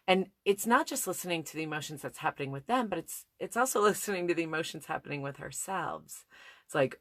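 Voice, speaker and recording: A woman in her thirties with a low voice shares a personal story in a reflective, candid way. She often restarts her sentences mid-thought. The recording is dry and close, with no room sound. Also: lively intonation, quick pace, dry recording. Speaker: speaker on listening skills.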